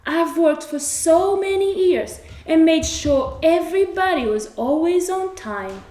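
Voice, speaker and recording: A woman's voice: very high voice, expressive, measured pace, mellow, roomy sound, pitched above the performer's own voice. A woman voicing a proud old rooster in a storybook tale, speaking indignantly.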